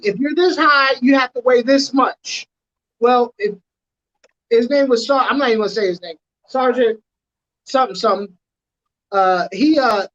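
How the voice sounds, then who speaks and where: A woman telling a long anecdote in an animated, slangy way on a casual podcast. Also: on the high side, lo-fi sound. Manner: animated, drawn-out storytelling with slang. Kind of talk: casual podcast chat, storytelling.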